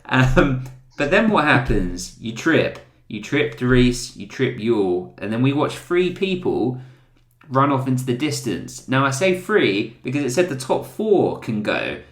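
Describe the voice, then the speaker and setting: A male podcast host, excitable and jokey, in casual chat. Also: medium pitch, a little slow, roomy sound.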